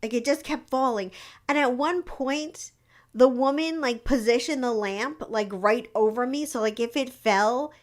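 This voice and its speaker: A woman's voice: fairly high pitch, unhurried. A young woman hosting a live stream, rambling casually with lots of fillers and acting out quoted lines. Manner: chatty, rambling, lots of "like" and restarts; acts out quoted lines in her stories. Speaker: psychic livestream host.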